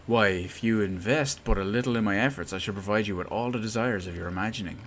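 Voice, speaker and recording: A man voicing a swaggering robot inventor in a video game, all grand theatrical boasts and old-fashioned flourishes, forever angling for funds. The voice sits fairly low and is delivered with pompous self-importance. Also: fast talker, a little hiss or hum, close to an everyday voice.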